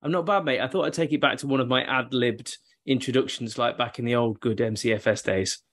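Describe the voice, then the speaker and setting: A man's voice: medium pitch, fairly quick, fairly bright tone. A man hosting a football podcast, talking in casual banter with mock-grand, theatrical flourishes. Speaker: podcast host.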